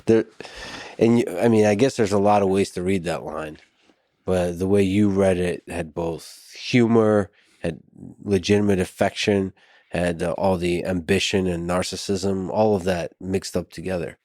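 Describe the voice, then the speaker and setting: A man with a very deep voice asks long, careful questions as a podcast host, stumbling over and repeating small words as he thinks. The recording is close and dry. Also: fairly even intonation, a little mellow, no room sound. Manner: halting, thoughtful, with repeated words. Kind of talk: interview questions.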